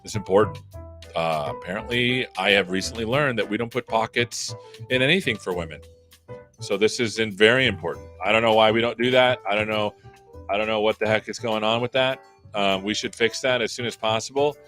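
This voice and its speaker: A man's voice: on the low side, brisk, a bit bright, soft background music. Joking man hosting a tech show. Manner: joking, self-deprecating. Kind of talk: casual livestream chat.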